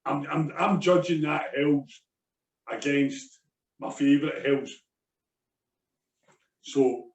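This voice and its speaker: A man's voice: on the high side, slow pace, pauses often, distant mic. Chatty Scottish man in an echoey room. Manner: chatty, repeats himself, restarts phrases. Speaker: podcast co-host. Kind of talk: casual beer review chat.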